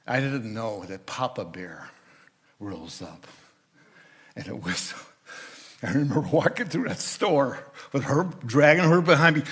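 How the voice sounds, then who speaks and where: Unhurried and expressive, with a husky, medium-pitched voice, an older guest preacher shares a storytelling sermon in a church sanctuary, occasionally booming out the voices of his characters.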